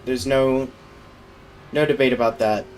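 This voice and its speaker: A man's voice: medium pitch, steady tone, unhurried, slight background noise. A man casually talking through his own sim race, laid-back and full of fillers. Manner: laid-back, filler-heavy, thinking aloud while driving. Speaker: sim racing streamer.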